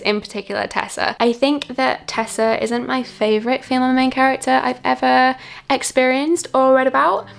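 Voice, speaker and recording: Gushing woman book vlogger, gravelly. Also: a little high. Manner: gushing, chatty, repeats words for emphasis. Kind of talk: casual monthly book review. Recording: light background music.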